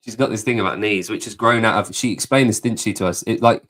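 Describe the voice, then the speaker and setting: English male podcast host, lowish voice, loose chatty delivery with easy laughs. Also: fast, fairly bright tone, slight background noise. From southeast England. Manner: chatty, laughs easily, swears casually. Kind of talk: casual chat.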